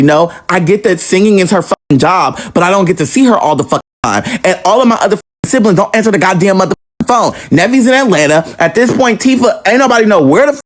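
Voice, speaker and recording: A man telling a personal story in a casual storytime monologue, profane, animated and dramatic, swearing freely as he builds each beat. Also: sits high, fast, hardly any pauses.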